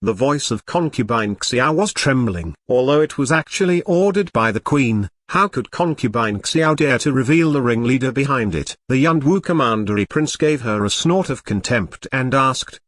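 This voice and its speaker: Lively male audiobook narrator, dry close sound. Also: medium pitch, normal speed, few pauses, dry recording. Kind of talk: read-aloud web novel narration.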